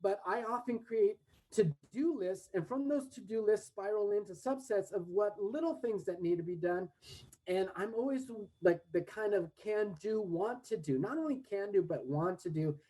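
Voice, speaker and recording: A man's voice: high voice, lively intonation, normal speed, mellow, low-quality recording. A man, a podcast guest who talks cheerfully and laughs often. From Southern California. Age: late 40s. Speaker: guest, English teacher. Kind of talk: casual podcast interview.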